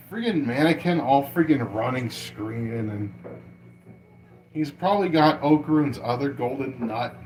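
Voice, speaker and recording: A man's voice: mid-range voice, animated, measured pace, a little mellow, faint music behind, poor audio. A man hosting an anime reaction livestream, talking casually and exclaiming often, with frequent restarts and mild slang.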